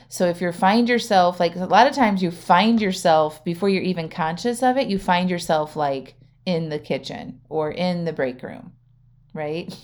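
A woman's voice: fairly low pitch, a little mellow. A middle-aged woman hosting a solo podcast as a wellness coach, chatty, often checking in with "right?" and laughing. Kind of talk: casual solo podcast talk.

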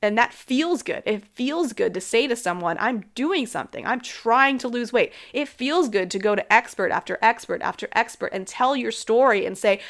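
A woman's voice: a little high, fairly bright tone. A woman in her thirties talking alone as a host in a casual way about health and habits, frank and chatty, filling her speech with "like" and laughing often.

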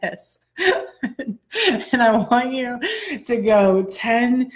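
A woman's voice: fairly high pitch, takes it slowly. Chatty, slightly breathless woman podcast host. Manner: animated, chatty, talks to listeners directly. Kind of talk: casual storytelling chat.

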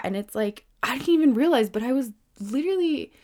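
A woman's voice: lively intonation, fairly quick. Chatty, emphatic woman around thirty. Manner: chatty, lots of "like", swears freely, emphatic swings in pitch and loudness. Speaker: podcast host. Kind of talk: casual self-help monologue.

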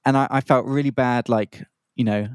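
A man's voice: medium pitch, fairly even intonation, moderate pace, clear, resonant tone, dry recording. A young man co-hosting a podcast for English learners, telling a rambling story in a casual way, stopping to explain slang and acting out the other voices. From Australia. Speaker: podcast co-host.

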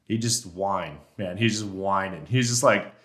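A man guesting on a podcast, chatting casually and telling hunting stories with lively, animated delivery. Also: normal speed. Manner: animated storyteller who acts out elk talk in a high voice. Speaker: guest elk hunter and caller.

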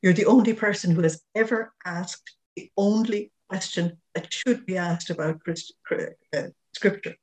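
A woman quoting a gentle old Irish priest. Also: on the low side, moderate pace, close to an everyday voice. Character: elderly male priest, gentle and kindly scholar.

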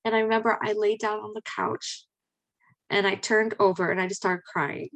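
A woman in her thirties, hosting a podcast, telling personal stories in a chatty, animated way with frequent exclamations. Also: medium pitch, normal speed. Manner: chatty and animated, with many fillers and excited exclamations. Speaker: podcast host. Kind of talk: personal storytelling.

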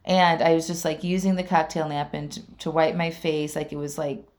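A woman's voice: deep voice, steady tone, a little fast, a little mellow. A woman in her forties telling a personal story in a casual, chatty way. She fills her talk with asides to the listener and laughs often as she goes. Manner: laughs often mid-sentence.

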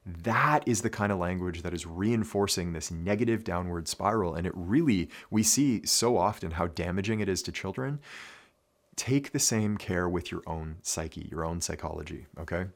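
Deep-voiced man coaching athletes' mindset. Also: normal speed. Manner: earnest, repeats key phrases, frequent "right?" and "okay?". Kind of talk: instructional talk to athletes.

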